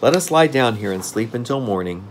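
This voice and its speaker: A man's voice: mid-range voice, animated, fairly quick, a little hiss or hum, natural voice. A man reading aloud and voicing a polite, meek young boy with an earnest manner.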